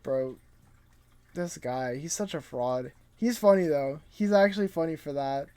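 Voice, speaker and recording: A man's voice: on the high side, measured pace, dark tone. A man reviewing a comic chapter in casual, rambling commentary, laid-back and profane, sounding tired late at night.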